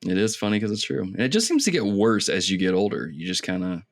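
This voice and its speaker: A man co-hosting a podcast in relaxed, joking chat who often adds "man" to his sentences. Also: fairly low pitch, quick pace. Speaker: podcast co-host.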